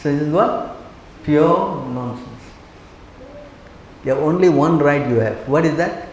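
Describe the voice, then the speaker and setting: An older man, a monk, giving an animated sermon that mixes personal stories with rhetorical questions to his listeners. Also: fairly high pitch, unhurried. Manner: animated, acts out quoted speech, fires rhetorical questions. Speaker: monk lecturing on scripture. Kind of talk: sermon with storytelling. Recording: echoey hall with faint background noise.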